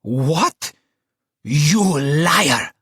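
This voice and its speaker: A tempestuous Italian woman with a honeyed contralto and a lilting Italian accent, performed by a man. She hurls accusations in a husky, lifted voice that climbs and falls wildly. The sound is close and dry. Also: high voice, big pitch swings, unhurried, dry recording, pitched above the performer's own voice, heavily acted. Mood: furious. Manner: shouting, accusatory. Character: fiery Italian woman, furious, theatrical.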